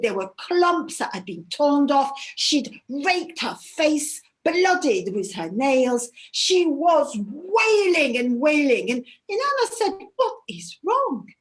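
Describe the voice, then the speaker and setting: A woman storyteller telling a myth aloud at a workshop, dramatic, moving between hushed and loud. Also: sits high.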